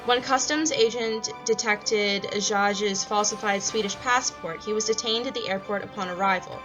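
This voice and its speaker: A young woman anchoring a homemade news report, reading a script steadily and slowing carefully over names. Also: mid-range voice, music in the background, low-quality recording. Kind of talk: read mock news broadcast.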